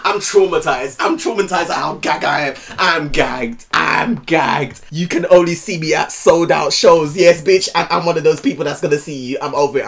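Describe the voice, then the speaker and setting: A man hosting a music video reaction, loud and excitable, swearing and jumping into high squeals. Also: moderate pace, gravelly, hardly any pauses. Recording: music playing behind.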